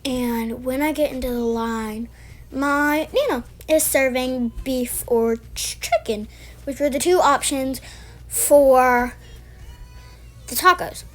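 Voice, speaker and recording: A woman's voice: high-pitched, slow pace, poor audio. A woman telling a rambling storytime vlog in a chatty way, full of restarts. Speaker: vlogger.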